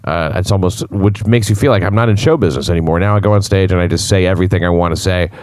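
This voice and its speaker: A male stand-up comedian chatting as a podcast guest, dry and laid-back, with halting restarts. His voice is very deep. The recording is dry and close. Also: a little mellow, no room sound. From United States. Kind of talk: casual chat.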